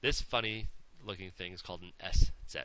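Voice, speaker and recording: A man's voice: low-pitched, fairly quick, bright, forceful tone, clean tone. A man teaching pronunciation, patiently overemphasizing each sound in his demonstrations and checking in with "okay?" as he goes. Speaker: language teacher. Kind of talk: pronunciation lesson.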